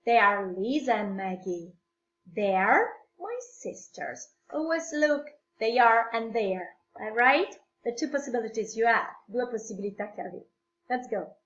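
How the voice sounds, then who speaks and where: A woman English teacher with an Italian accent, explaining grammar slowly and patiently to young learners, repeating phrases and switching into Italian. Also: a little high, expressive, fairly bright tone. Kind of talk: slow classroom explanation mixing English and Italian. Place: at home. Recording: echoey room, dull lo-fi sound.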